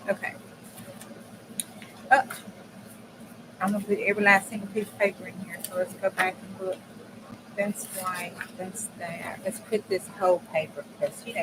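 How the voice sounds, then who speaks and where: A mid-range female voice belongs to a crafting channel host who chats folksy and casually while she crafts. She talks straight to viewers with dialect phrasing, over steady background noise.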